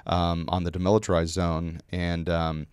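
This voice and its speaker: A man in his forties, an Army veteran, telling a story casually on a podcast, halting with many fillers and repeated words. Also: low-pitched, level tone, darkish tone, clean tone, dry recording.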